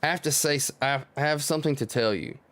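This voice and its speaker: A man reading the lines of a gentle, grieving father comforting his son in a manga, in his own voice. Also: a little high, brisk, lightly acted. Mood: tender.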